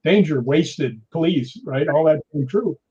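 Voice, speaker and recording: A man's voice: a little high, a little slow, breathy edge. A man casually telling a ghost-hunting anecdote, acting out the lines of others and laughing often. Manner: animated, acts out quotes, laughs often. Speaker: guest storyteller. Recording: dull lo-fi sound.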